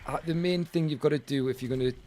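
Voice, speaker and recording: English guy streaming a game, playful teasing chat, kinda high voice. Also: fast talker, a little mellow, slight background noise. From England. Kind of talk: casual gaming stream chat.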